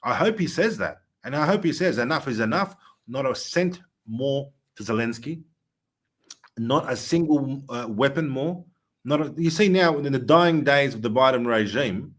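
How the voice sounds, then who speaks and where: A man hosting a political chat show, talking earnestly with frequent pauses. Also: mid-range voice. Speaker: host.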